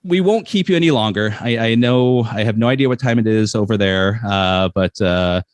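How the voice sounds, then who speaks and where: A man's voice: lowish voice, normal speed, clear, resonant tone, dry recording. A middle-aged man co-hosting a tabletop game podcast in casual chat, with a slight lisp from a chipped tooth. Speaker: podcast co-host.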